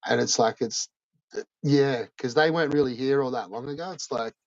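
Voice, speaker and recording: A man chatting casually, slangy and sweary, full of drawn-out fillers. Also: mid-range voice, no room sound. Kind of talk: casual chat. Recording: dull dry sound.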